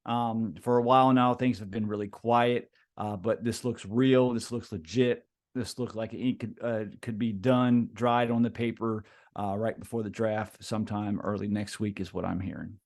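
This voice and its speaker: A man's voice: on the low side, fairly even intonation, moderate pace, few pauses, a little mellow, no room sound, studio quality. A middle-aged man from the United States, a podcast host appearing as a guest, chatting casually with frequent stammers and jokes. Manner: stammering, laid-back, joking.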